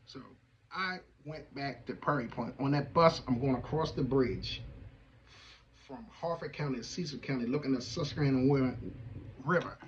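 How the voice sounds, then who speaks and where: A middle-aged man giving an animated, emphatic personal testimony to an audience in casual vernacular. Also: mid-range voice, moderate pace, muffled recording, a little hiss or hum. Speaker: veterans' advocate hosting a show.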